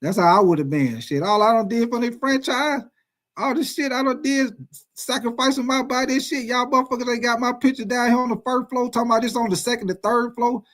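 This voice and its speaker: Animated, profane man talking sports. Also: very high voice, a little fast. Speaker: sports talk host. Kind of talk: casual sports commentary.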